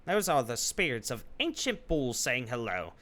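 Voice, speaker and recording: A man's voice: medium pitch, very animated, normal speed, fairly bright tone. A male streamer playing a game live, reading the dialogue aloud and adding wry, joking asides.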